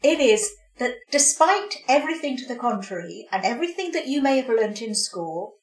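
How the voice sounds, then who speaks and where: A woman's voice: on the high side, expressive, normal speed, reverberant. A woman who is a guest on the podcast, chatting cheerfully with her son and his co-host. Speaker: guest, host's mother. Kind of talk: casual chat.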